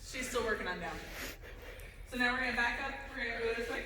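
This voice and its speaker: Woman, dog training demo, bright sharp voice, long hall reverb, faint noise. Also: fast talker. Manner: high sing-song praise to the dog, sharp loud commands. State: out of breath.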